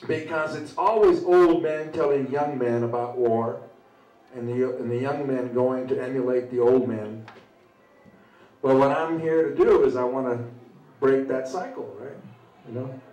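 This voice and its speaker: Older male veteran, mid-pitched voice, talking off the cuff at an open mic with lots of "you know"s, heard from across a roomy space. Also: warm tone, dull audio. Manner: conversational, halting, with frequent "you know" tags. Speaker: veteran speaker. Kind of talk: personal storytelling at an open mic. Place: open mic at a small venue. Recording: roomy sound from a distant mic.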